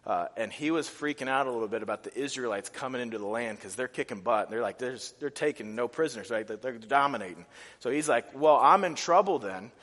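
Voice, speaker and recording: A man preaching a sermon, animated and casual, with many restarts and fillers. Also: medium pitch, fast. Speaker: pastor. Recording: reverberant hall.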